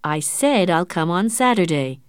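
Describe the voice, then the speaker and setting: A woman's voice: fairly low pitch, animated, a little slow, clean tone, dry recording, studio quality. A woman voicing a cold, calculating young man who speaks curtly. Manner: cold and curt.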